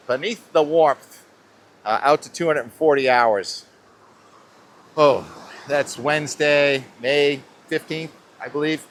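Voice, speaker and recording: A man with a somewhat high, bit-bright voice hosts a casual live weather show from a beach, rambling chattily and interrupting himself mid-thought. A little hiss or hum is audible.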